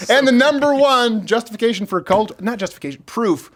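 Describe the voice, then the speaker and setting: A man hosting a comedy talk show and joking with a mock-serious sarcasm. His voice sits high for a man and swings widely up and down as he riffs. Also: expressive, a little fast, fairly bright tone. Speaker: show host.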